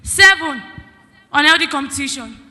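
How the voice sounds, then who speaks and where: A teenage girl with a Nigerian accent delivers a formal debate speech in a very high, sharply bright voice. She presses her points with emphatic rhetorical questions. The sound carries a long hall reverb. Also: animated, moderate pace. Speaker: student debater.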